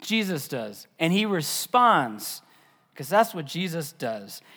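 A man preaching a sermon as pastor, animated, dropping to a whisper for emphasis. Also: on the high side, takes it slowly, long reverb tail. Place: church.

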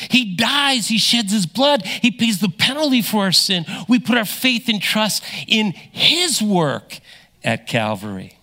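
A middle-aged man preaching a sermon as pastor, emphatic, swinging between loud stresses and hushed lines. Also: high-pitched.

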